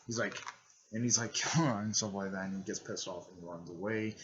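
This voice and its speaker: A man casually retelling a fan-made story, rambling with many fillers and self-corrections, and jumping into quick raised-voice impressions of the characters. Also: a bit bright, highs cut off. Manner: briefly raises his pitch to act out quoted lines.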